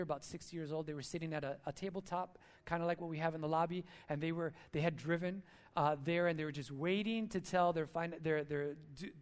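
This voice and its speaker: A man with a notably high-pitched voice preaches a sermon. He talks in an earnest, storytelling way, as a speaker addressing his church.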